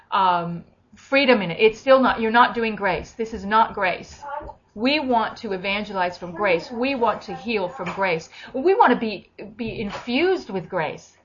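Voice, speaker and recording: A woman's voice: medium pitch, a bit bright, slight background noise. A woman leading a charismatic prayer session, talking animatedly and slipping into acted quotes and speaking in tongues. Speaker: prayer minister. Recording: dull lo-fi recording.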